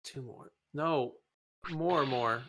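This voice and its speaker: A man's voice: mid-range voice, very slow, sharp tone, slight background noise. A man hosting a let's play, commenting on his gameplay in an exasperated way and swearing often. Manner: exasperated, swearing, frustrated ranting.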